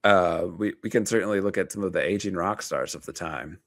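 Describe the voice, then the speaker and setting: A man in his thirties talks loosely to camera, restarting sentences and dropping dry, wry asides. His voice sits on the low side. The sound is close and dry, with no room around it. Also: a little fast, a bit bright, dry recording. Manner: conversational, frequent fillers and restarts, wry asides. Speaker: therapist and video host. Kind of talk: casual talking-head commentary.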